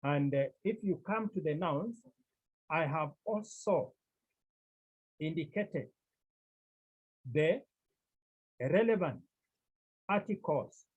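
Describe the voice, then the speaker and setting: A man teaching a Greek class, explaining slowly and repeating key phrases for his students. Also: a little high, expressive, husky, lo-fi sound. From Cameroon. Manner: slow, repetitive explaining. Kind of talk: classroom lecture.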